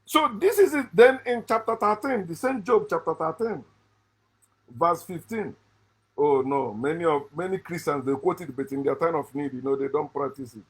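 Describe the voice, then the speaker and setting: A middle-aged man from Africa, hosting a channel, delivering an emphatic spoken commentary that swings from loud, high bursts to low muttered asides and often restarts his sentences. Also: animated, moderate pace, husky. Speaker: channel host.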